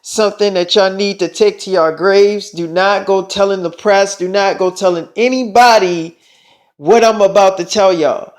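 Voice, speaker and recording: A man's voice: high-pitched, steady tone, normal speed, close to an everyday voice. A man doing a bossy young woman pop star. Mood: commanding. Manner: curt, commanding.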